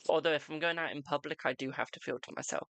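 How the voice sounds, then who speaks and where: A young adult tarot reader hosts a live stream in loose, unscripted chat. The voice sits at a middling pitch with a gravelly rasp running through it, and the sound is close and dry with no room around it. The delivery is blunt and frank, with a self-mocking edge. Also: fairly even intonation, fast talker, fairly bright tone, no echo. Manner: blunt, chatty, self-deprecating.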